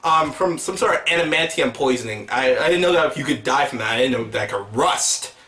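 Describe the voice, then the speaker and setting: A man's voice: mid-range voice, expressive, fairly quick, sharp tone, echoey room, far from the mic. A man giving a casual movie review for his channel, rambling and hesitant, with many fillers and restarts.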